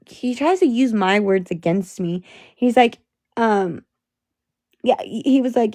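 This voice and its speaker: A woman's voice: medium pitch, a little slow, a little mellow, dry recording. A young woman livestreaming from her phone, venting angrily and with a lot of profanity. She talks to her chat and sounds exhausted.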